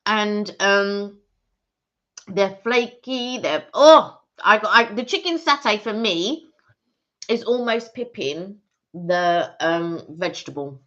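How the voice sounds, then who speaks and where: Co-host wanita Inggris, suara cerah, ngobrol santai, audio lo-fi kusam. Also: female voice, medium pitch, lively intonation, slow pace, fairly bright tone. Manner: chatty, talks while eating. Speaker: co-host of a live stream. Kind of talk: casual live-stream chat. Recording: dull lo-fi stream audio.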